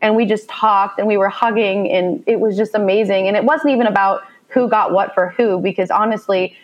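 A woman's voice: medium pitch, brisk, dull audio. Woman, 30s, from Indiana, guest in an interview, earnest and emotional, livens up when acting out her own thoughts. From Indiana, USA. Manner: heartfelt, animated when quoting herself. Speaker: guest, mother of a child with special needs. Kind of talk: emotional personal storytelling in conversation.

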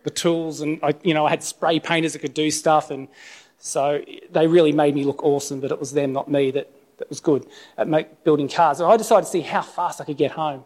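A man's voice: on the high side, fairly even intonation, brisk, a little mellow. Middle-aged male preacher, slightly raised voice, casual testimony sermon, checks in with "okay?". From Australia. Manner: conversational, tags lines with "okay?". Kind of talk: informal sermon with personal testimony.

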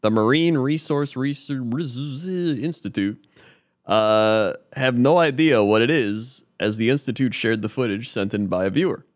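With a mid-range voice and unhurried delivery, this podcast co-host reads out spoof news and sports segments. His manner is easygoing and laughter-filled, and he fumbles a few lines along the way.

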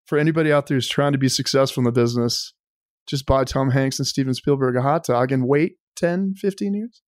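A man hosting a podcast, calmly explaining the rules of a game segment. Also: mid-range voice, a little fast, no room sound, clean studio sound. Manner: relaxed, explains rules step by step. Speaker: podcast host.

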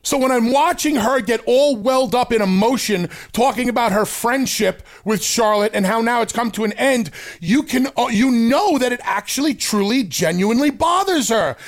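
A high-pitched man co-hosting a wrestling talk show, ranting with emphasis and energy. He talks in a casual, heated way, pressing his points hard. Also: expressive, moderate pace, hardly any pauses. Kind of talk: casual chat.

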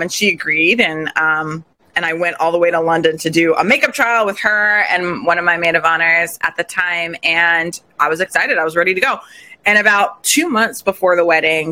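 A woman guest in a casual interview, telling her story in an animated, expressive way. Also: on the low side, moderate pace. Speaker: podcast guest, recent bride.

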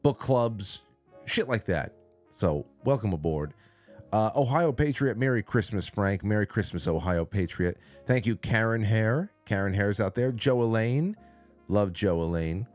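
A man's voice: fairly low pitch, animated, a little slow, a little mellow, soft background music. A man hosting a casual call-in stream from a studio, rambling and reading out chat names. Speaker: call-in show host. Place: small studio. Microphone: studio mic.

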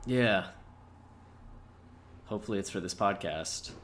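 A man's voice: on the low side, a little slow, a bit bright, a little hiss or hum. A man co-hosting a podcast in casual chat, laid-back and freely profane. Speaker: podcast co-host.

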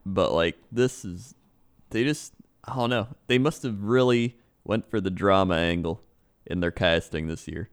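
A man with a lowish, smooth voice chats in a relaxed, easygoing way. He mostly agrees with his co-host and now and then adds a dry remark of his own. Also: measured pace. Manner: laid-back, short agreeing replies. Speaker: podcast co-host. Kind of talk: casual chat.

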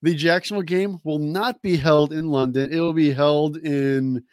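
Eager, blunt co-host, slightly high voice. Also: male voice, steady tone, moderate pace, darkish tone, no room sound, studio quality. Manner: eager, blunt, laughs a lot. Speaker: podcast co-host. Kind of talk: casual sports podcast chat.

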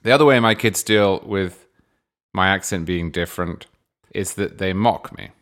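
A man's voice: sits low, moderate pace, fairly bright tone. An English man hosting a podcast, answering listener questions with dry, wry humor. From England. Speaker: podcast host.

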